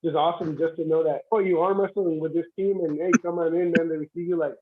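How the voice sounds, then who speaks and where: A man's voice: on the high side, steady tone, fast talker, narrow, tinny audio. A man guest chatting casually on a livestream, rambling, repeating words and laughing often. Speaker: guest arm wrestler.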